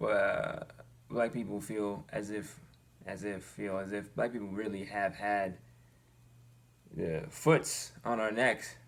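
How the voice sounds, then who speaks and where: Earnest gravelly man talking to camera. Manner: earnest, animated, rising in pitch when exasperated. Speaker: vlogger. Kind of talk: personal commentary to camera.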